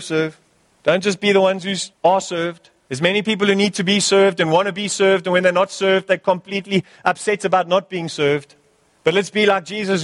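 High-voiced male pastor preaching. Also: long reverb tail. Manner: emphatic, repetitive exhortation. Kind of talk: sermon.

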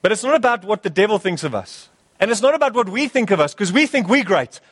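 A man's voice: high voice, sing-song, fast, a bit bright, slightly rough, long reverb tail. A male pastor preaching a sermon, urging his church with emphatic, repeated exhortations.

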